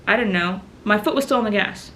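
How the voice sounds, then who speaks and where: Speaking a little fast in a mid-range, fairly bright voice, this young woman vlogger rambles through embarrassing stories told to camera. Swearing and laughter run throughout, she sounds drowsy, and there's slight background noise.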